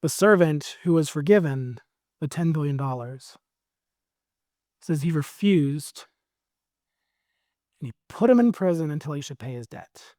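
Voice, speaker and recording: A male pastor with an American accent, preaching a sermon in a conversational, animated storytelling way. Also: a little high, a little slow, long pauses, no room sound, clean studio sound.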